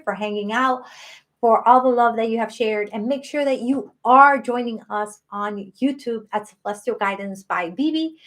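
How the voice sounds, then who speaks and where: A woman in her late thirties hosting a live stream, talking earnestly and emotionally about self-worth. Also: fairly high pitch. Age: 30s. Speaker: spiritual channel host.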